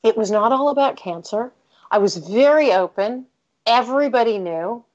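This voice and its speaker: Slightly high and a little mellow, her voice is expressive and moves at a normal speed. The speaker, a middle-aged American author appearing as a guest, relates a personal story in an interview with candor and emphasis, frequently cutting off and restarting lines. The recording is dull and lo-fi.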